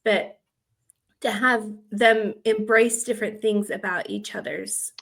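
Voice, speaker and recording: A woman's voice: mid-range voice, fairly even intonation, slow pace, creaky. A woman from the American South co-hosting a romance writing podcast, talking in a chatty, rambling way with lots of fillers. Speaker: podcast co-host and romance author. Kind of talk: casual chat.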